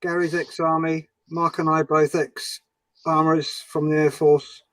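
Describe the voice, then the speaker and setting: A man's voice: a little high, level tone, a little slow, fairly bright tone, dry recording, rough recording. A man hosting a model-building livestream, bantering and teasing his friends on a group call. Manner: teasing, jokey.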